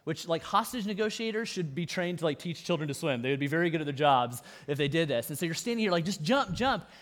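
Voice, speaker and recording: A man's voice: a little high, fast. A man preaching a sermon, talking in an easy, conversational way, with emphatic stresses and dry humorous asides. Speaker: pastor.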